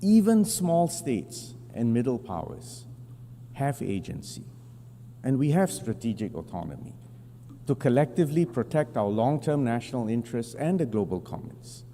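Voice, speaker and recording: A man delivering a formal prepared speech as a government delegate at an assembly podium, measured and deliberate with emphatic pauses. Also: medium pitch, very animated, dark tone. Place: large assembly hall. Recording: long reverb of a large hall, faint hum.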